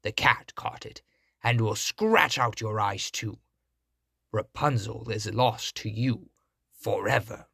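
A man's voice: fairly low pitch, expressive, takes it slowly, gravelly, a bit bright, slightly rough, no echo, clean studio sound, full character voice. A man voicing a spiteful wicked old female witch in a storybook reading, cackling and scornful. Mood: mocking.

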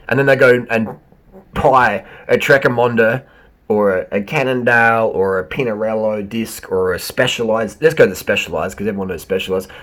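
Husky ranting man. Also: on the low side. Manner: animated, sarcastic ranting. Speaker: bike shop owner and video host. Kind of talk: reaction commentary.

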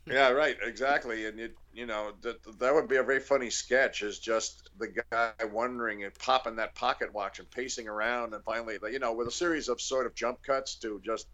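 A man with a bright, forceful voice riffs playfully as a guest on a comedy podcast. He spins comic ideas in loose, casual banter. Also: medium pitch, steady tone, fairly quick, few pauses, highs cut off.

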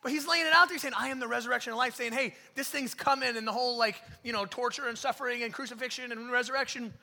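Animated preacher man with a gravelly voice. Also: very high-pitched, fast. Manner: animated, swings between shouting and hushed near-whispers. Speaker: pastor. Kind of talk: sermon. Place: church sanctuary. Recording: long hall reverb.

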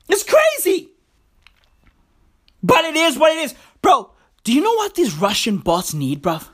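A woman in a comedic rant, animated and shouty, full of profane slang. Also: high voice.

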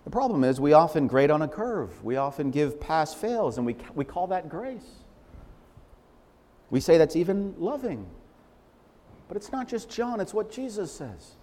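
Animated preacher man in a reverberant hall. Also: on the high side, a little slow. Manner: animated, emphatic preaching with repeated phrases. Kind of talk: sermon.

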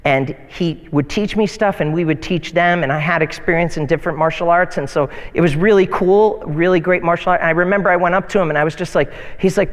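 Pastor, male, high voice, animated sermon delivery, church hall reverb. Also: quick pace, few pauses. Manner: animated preaching with mocking whiny voices for quoted complainers. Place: church sanctuary.

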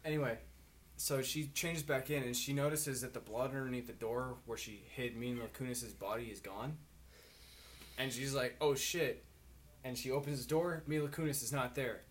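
A man's voice: medium pitch, fairly even intonation, moderate pace. A drunk young man telling a rambling, profane story in casual chat with friends.

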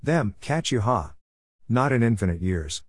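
A man's voice: medium pitch, lively intonation, unhurried, breathy edge, dry recording, studio quality. A man reading the lines of a clever male pet who leads his friends in a storybook tale. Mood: planning. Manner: eager, bossy. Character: clever male pet leader, planning a rescue.

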